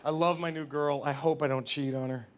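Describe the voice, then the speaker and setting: A man with a high, bright voice performing stand-up on a club stage, animated and quick to slip into goofy put-on voices. The live recording carries clear room noise and audience laughter behind him. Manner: animated, acts out scenes in silly put-on voices. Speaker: stand-up comedian. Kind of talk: stand-up comedy set.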